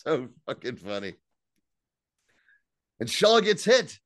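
A man co-hosting a podcast, casually and excitedly recapping scenes, swearing freely and quoting lines. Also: mid-range voice, normal speed, dry recording, studio quality. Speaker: podcast co-host. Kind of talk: casual chat.

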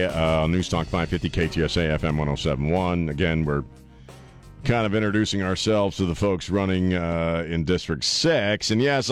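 A man with a low voice hosts a talk radio show, rambling loosely and poking fun at himself between filler words. The studio sound is close and dry, with no room echo. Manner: loose and rambling, lots of uh fillers and self-mocking jokes. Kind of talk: casual talk radio chat. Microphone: studio microphone.

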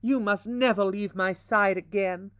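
A man voicing a relieved, loving mother who murmurs softly. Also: sits high, fairly even intonation, a little slow, clear, resonant tone, no echo, studio quality, pitched above the performer's own voice. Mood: tender. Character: tender, relieved mother, adult woman.

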